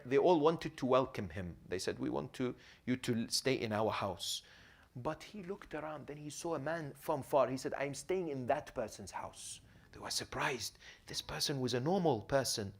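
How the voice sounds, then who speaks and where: Man preaching with sweeping loud-soft swings. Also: fairly high pitch. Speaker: sheikh giving a religious lecture. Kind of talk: sermon. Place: mosque hall.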